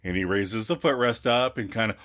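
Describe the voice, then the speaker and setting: A man co-hosting a podcast, recapping a sitcom episode in casual chat and acting out the characters' lines in high, squeaky voices. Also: fairly quick, a bit bright. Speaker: podcast co-host.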